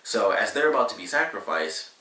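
A man's voice: fairly low pitch, big pitch swings, a little fast, bright, forceful tone. Rambling man recapping a cartoon episode. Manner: rambling, filler-heavy retelling with lots of "like". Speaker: reviewer. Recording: roomy, slightly distant mic.

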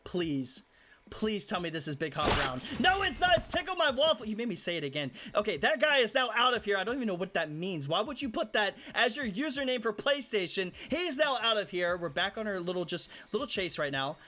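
A man commenting on his own video game match, swinging between low muttering and loud shouts at the other players. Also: very animated, brisk. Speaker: gaming YouTuber hosting hide and seek. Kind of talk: excited gameplay commentary.

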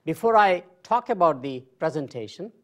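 A man in his sixties gives a marketing lecture in an informal, highly conversational way. He mixes dry self-deprecating jokes into his points and talks to the audience like a friendly teacher. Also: expressive, normal speed. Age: 60s. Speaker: marketing professor.

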